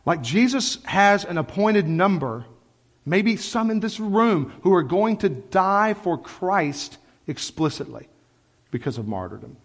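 A man's voice: sits high, big pitch swings, unhurried. A man preaching a sermon as pastor, speaking passionately in a conversational way full of "like". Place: church sanctuary. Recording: long church hall reverb.

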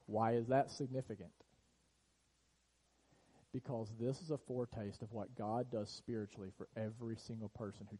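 Pastor guy preaching in a church, warm low-key tone, gets real quiet on the big lines. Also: slightly rough, rough recording. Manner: earnest preaching, drops to a hush on key lines. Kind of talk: sermon. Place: church sanctuary.

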